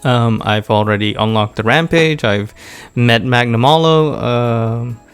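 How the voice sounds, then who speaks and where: A man's voice: medium pitch, measured pace, clear, resonant tone, faint music behind. A man co-hosting a casual games podcast, giving helpful tips and short replies. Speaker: podcast co-host. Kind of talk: casual chat.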